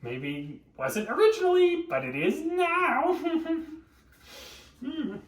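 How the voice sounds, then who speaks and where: A man's voice: very high-pitched, sing-song, slow. Joking man, far off in an echoey room. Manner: joking, bantering with chat, laughs often. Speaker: livestream cooking host. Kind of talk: casual live-stream chat with viewers.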